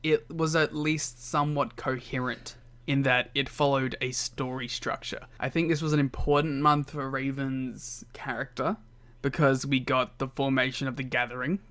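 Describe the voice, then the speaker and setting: A man co-hosting a podcast in casual chat, offering relaxed, wry remarks. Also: medium pitch, normal speed. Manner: relaxed, brief wry interjections. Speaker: podcast co-host.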